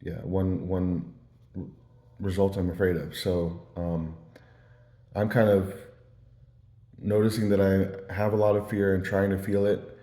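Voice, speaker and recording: A man's voice: low-pitched, flat delivery, a little slow, pauses often, dark tone. A man telling stories in a casual, meandering ramble, full of fillers and restarts. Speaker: vlogger. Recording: roomy echo.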